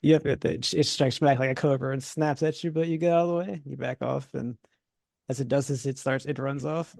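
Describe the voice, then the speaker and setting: Acting as game master for a tabletop horror game, a man narrates in a relaxed way, chuckling between descriptions. His mid-range voice is heavily gravelly yet mellow and fairly quick. The sound is dry and close, with no room sound.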